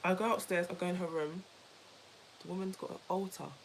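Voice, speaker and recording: A woman co-hosting a casual chat, telling a story in an animated, emphatic way, repeating herself and laughing easily. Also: fairly low pitch, a little fast, a little hiss or hum, rough recording. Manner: laughs easily while talking. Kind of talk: casual chat with a co-host and viewers.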